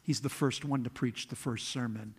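A male pastor preaching a sermon, retelling a scripture story with lively acted-out quotes. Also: medium pitch, moderate pace, husky. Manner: animated storytelling, acts out quotes with rising intensity.

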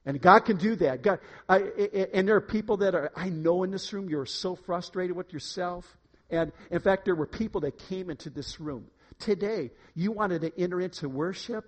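High-voiced, emphatic male preacher. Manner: emphatic, swinging between quiet and loud. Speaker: pastor. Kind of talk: sermon. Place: church room.

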